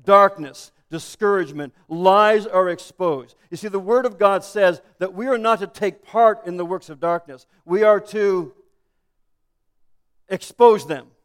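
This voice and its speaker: A man's voice: high voice, unhurried, clear, resonant tone. A man preaching a sermon as pastor, earnest and building to emphatic declarations. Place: church sanctuary. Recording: echoey church hall.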